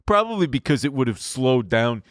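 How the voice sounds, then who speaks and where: A man's voice: medium pitch, very animated, brisk, no room sound. A man co-hosting a comedy podcast, ranting sarcastically and profanely into a close mic. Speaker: podcast co-host. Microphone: close studio mic.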